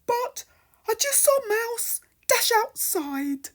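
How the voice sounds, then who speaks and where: A woman voicing a slow-spoken fish in a storybook read-aloud. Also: very high-pitched, very animated, pitched above the performer's own voice, heavily acted. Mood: matter-of-fact.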